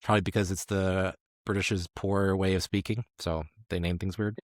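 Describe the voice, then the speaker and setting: A man's voice: deep voice, level tone, moderate pace, no room sound, studio quality. A man co-hosting a film podcast in casual chat, joking and stumbling over place names. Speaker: podcast co-host.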